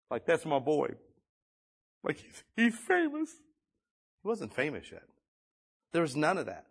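A man's voice: a little high, husky. A male pastor preaching a conversational sermon, reading scripture and building to emphatic exhortation.

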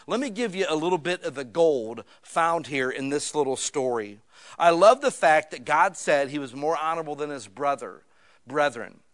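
A middle-aged male pastor preaching a sermon in a joking, conversational way, with lively asides between readings. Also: fairly high pitch.

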